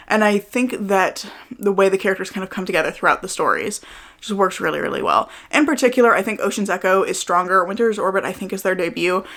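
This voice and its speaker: A woman's voice: medium pitch, a bit bright. A woman giving casual book recommendations in a chatty way, often hedging with "like" and "I think". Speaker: book reviewer.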